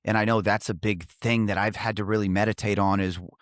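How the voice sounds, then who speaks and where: A man's voice: fairly low pitch, fairly even intonation, fast talker, no room sound, studio quality. A man hosting a podcast interview, who speaks in a reflective and affirming way. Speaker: podcast host, former football player. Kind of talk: casual interview.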